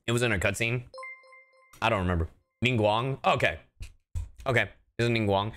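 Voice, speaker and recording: A man who is a voice actor chatting casually with his livestream chat, animated and talkative, laughing often. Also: on the low side, normal speed, soft background music. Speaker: voice actor streaming a reaction.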